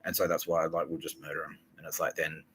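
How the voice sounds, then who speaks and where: A man's voice: extremely low pitch, little pitch movement, fast, fairly bright tone, slight background noise, rough recording. A man hosting a podcast, ranting in a sweary, rambling monologue. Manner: sweary, ranting, quotes people in put-on voices. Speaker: podcast host.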